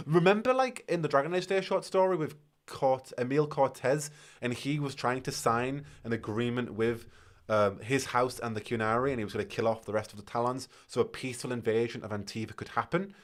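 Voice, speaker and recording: Excitable Northern English man streaming. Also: mid-range voice. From north of England. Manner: excitable, speculative, quick to laugh. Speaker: streamer hosting a live reaction. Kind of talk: casual live-stream chat.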